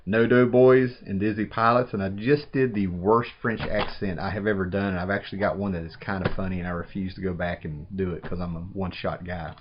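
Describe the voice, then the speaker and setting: Thirties man, casual unboxing vlogger, rambly and excited, low-pitched, muffled home recording. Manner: rambling, enthusiastic, says "man" often.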